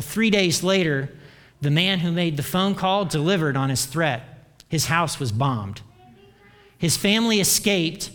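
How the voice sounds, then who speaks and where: A man with a high voice preaches a sermon from the pulpit. He talks earnestly and lets his voice sink quietly at the end of key lines. A long reverb from a big church hall hangs behind every word. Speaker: pastor.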